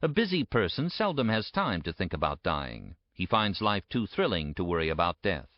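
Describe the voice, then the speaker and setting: A man giving a measured, emphatic audiobook narration. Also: low-pitched, big pitch swings, no room sound. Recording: dry, dull lo-fi recording.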